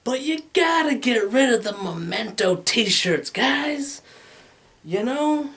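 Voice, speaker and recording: A man's voice: extremely high pitch, lively intonation, takes it slowly, fairly bright tone. A man in his thirties doing a rambling, crude stand-up comedy set, acting out voices and talking into a handheld microphone. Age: 30s. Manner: rambling, crude, acts out voices with big swings.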